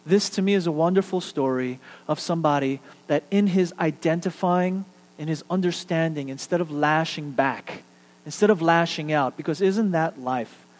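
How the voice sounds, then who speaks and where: A male pastor preaching a sermon, telling a story with animated build-ups and quiet, hushed drops for emphasis. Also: fairly high pitch, normal speed, long reverb tail, rough recording.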